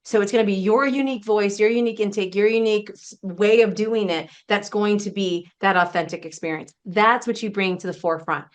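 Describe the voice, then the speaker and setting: A woman's voice: medium pitch, fairly quick, few pauses. A woman business coach presenting a casual webinar, chatty and emphatic, often laughing between points.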